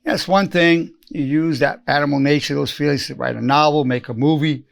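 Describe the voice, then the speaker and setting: A man's voice: fairly high pitch, fairly even intonation, moderate pace, gravelly. A man in his eighties, a psychologist giving an earnest spoken self-help lesson, repeating lines for emphasis and acting out quoted phrases. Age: 80s.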